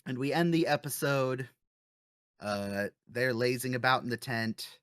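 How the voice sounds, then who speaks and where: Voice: mid-range voice, measured pace, clear, resonant tone, no echo. Dry-sounding podcast host recapping. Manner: lively storyteller with frequent laughs and fillers. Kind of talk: casual episode recap.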